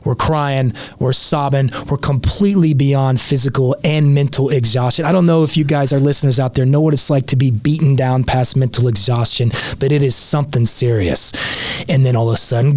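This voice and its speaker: A man's voice: medium pitch, brisk, darkish tone, no room sound. A man telling a vivid story as a podcast guest, speaking earnestly in a casual interview.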